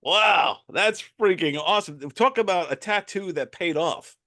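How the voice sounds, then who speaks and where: A man's voice: high voice, measured pace, bright, forceful tone. A man hosting a podcast, reacting enthusiastically to his guest's story and laughing readily. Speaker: podcast host. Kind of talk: casual chat.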